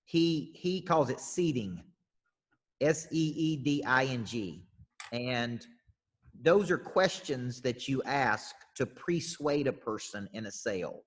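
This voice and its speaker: A man's voice: mid-range voice, lively intonation, slow pace. A man hosting a sales panel as coach, talking loosely and steering the questions. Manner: loose, talkative, runs the questions. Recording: husky voice with long reverb.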